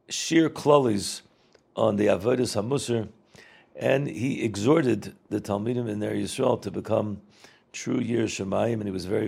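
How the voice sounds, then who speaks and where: A man's voice: fairly low pitch, gravelly, a little mellow, breathy edge. A middle-aged man casually reminiscing, rambling and repeating words, mixing in Yiddish and Hebrew terms. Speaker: storyteller recalling a rabbi.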